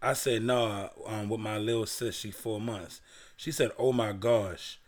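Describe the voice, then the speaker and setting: A man's voice: fairly low pitch, fairly even intonation, measured pace. A young man from Baltimore, a podcast co-host, casually telling a profane story and reading old messages aloud.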